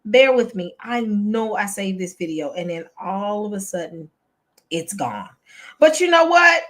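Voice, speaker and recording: A woman's voice: medium pitch, measured pace. A woman, hosting a casual chat for her viewers, exasperated and chatty, calling them y'all. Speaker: channel host.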